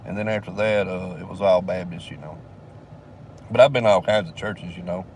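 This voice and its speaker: A man's voice: low voice, brisk, a little mellow, distant mic, a little hiss or hum. Profane older man telling stories. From southern United States. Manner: profane, rambling, drawling, laughs between lines. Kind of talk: casual storytelling.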